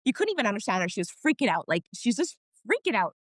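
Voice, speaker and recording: A woman's voice: fairly high pitch, big pitch swings, fast talker, dry recording, clean studio sound. A woman guest on a podcast, telling family stories frankly and with feeling, now and then swearing mildly. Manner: emotional storytelling, frank with mild swearing. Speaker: podcast guest, wellness practitioner. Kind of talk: casual interview chat.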